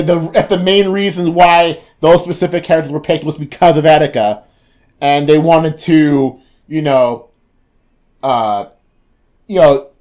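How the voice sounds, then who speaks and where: A casual gaming creator talks through viewer comments at a home microphone. The speech rambles, full of restarts, and the pitch jumps up when excitement hits. The voice sits mid-pitch.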